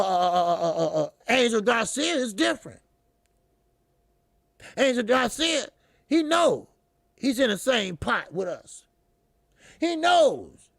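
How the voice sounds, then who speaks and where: A man's voice: high-pitched, vocal fry, a bit bright, no echo, clean studio sound. A man hosting a boxing channel, delivering a heated commentary monologue in a profane, repetitive and mocking way.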